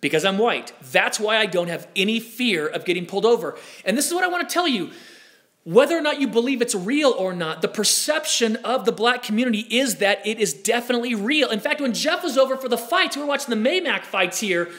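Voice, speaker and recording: A man in his forties with a high, bright voice spins a story for a live crowd. He talks animatedly and jumps into the voices of the people he quotes. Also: animated, a little fast. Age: 40s. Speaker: speaker. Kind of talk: storytelling talk.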